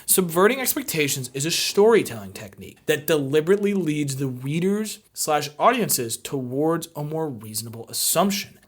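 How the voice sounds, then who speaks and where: Profane, excitable TV review commentator. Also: mid-range voice. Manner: profane, excitable, swings from shouting to hushed reflection. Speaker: video essayist reviewing a TV episode.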